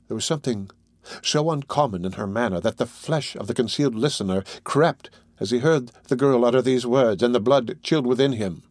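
Male audiobook narrator, steady and even. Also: medium pitch, no room sound, clean studio sound. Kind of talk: scripted narration.

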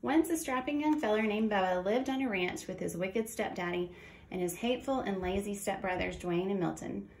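A woman's voice: mid-range voice, brisk. A woman reading a children's picture book aloud in a folksy storytelling way. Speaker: storybook reader. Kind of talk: children's read-aloud narration. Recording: echoey room with faint noise.

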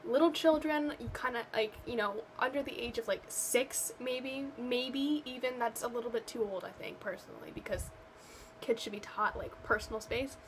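A woman's voice: fairly high pitch, moderate pace, background noise. A young woman ranting to camera in a vlog, exasperated and sarcastic, rambling with lots of fillers. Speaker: vlogger. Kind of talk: casual rant to camera.

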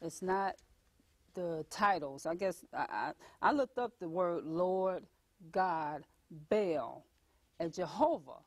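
A woman's voice: fairly low pitch, expressive, slow, a little mellow, no room sound. A woman hosting a religious talk show, chatting earnestly with her guest and laughing easily.

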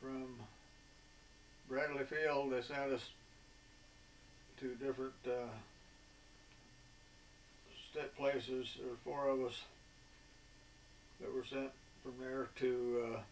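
An elderly man in his eighties tells old war stories in a folksy, meandering way, stopping often on filler sounds. His voice stays level and flat. He sits away from the mic, with a faint hiss of background noise behind him. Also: mid-range voice, far from the mic, low-quality recording. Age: 80s. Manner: folksy and rambling, with many filler pauses. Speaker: veteran interviewee. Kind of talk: oral history reminiscence.

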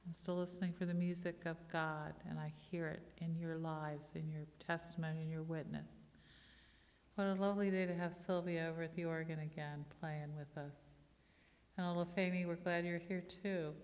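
A woman's voice: fairly low pitch, a little mellow. A middle-aged woman pastor preaching a sermon, telling personal stories and leading the congregation in call-and-response. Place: church sanctuary. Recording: long church reverb.

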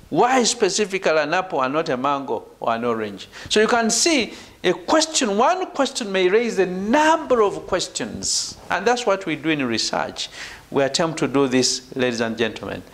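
A man from Uganda giving a university lecture, emphatic, with "right" and "ladies and gentlemen" tagged onto his phrases. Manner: emphatic, falls low at phrase ends. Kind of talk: academic lecture.

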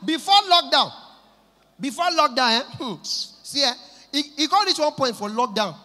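A bright-voiced male Nigerian comedian performs a stand-up set in Pidgin English before an audience in a large venue, his extremely high voice at a moderate pace. He is animated, switching voices for characters and bursting into shouts, and the live recording echoes through the hall.

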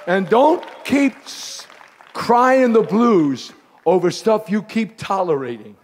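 A bishop preaching a fiery Pentecostal sermon at a live camp meeting, swinging from hushed folksy asides to shouted exhortation. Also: male voice, high voice, animated, takes it slowly, a faint crowd, slight background noise. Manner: folksy, calls listeners pet names. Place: live service before a congregation.

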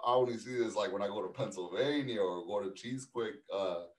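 A man's voice: on the low side, fairly quick, roomy sound, far from the mic, rough recording. A man from New Jersey in casual podcast chat, laid-back and enthusiastic. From New Jersey, USA. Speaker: podcast guest.

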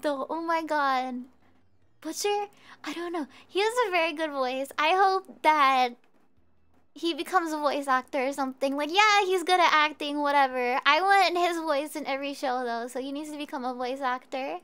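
A young woman streaming a video game, chatting casually and rambling with viewers, quick to laugh and swearing freely. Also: sits high, a bit bright. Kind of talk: casual gameplay chat.

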